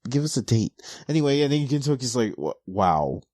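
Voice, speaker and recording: A young man hosting a casual podcast, animatedly recapping manga and acting out the characters' lines in quick voices. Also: medium pitch, steady tone, warm tone, no echo, clean studio sound. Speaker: podcast host.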